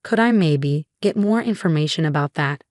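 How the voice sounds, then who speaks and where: A woman's voice: deep voice, expressive, moderate pace, a little mellow, no room sound, clean studio sound. A woman narrator voicing an awkward, sheepish young man in a spoken story. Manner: hesitant, embarrassed.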